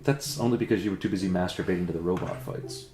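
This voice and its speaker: A man's voice: deep voice, fast talker, echoey room, over music. A man in a comedy sketch, talking in a dry, sarcastic and critical way. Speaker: comedy video creator. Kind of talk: comedic self-debate sketch.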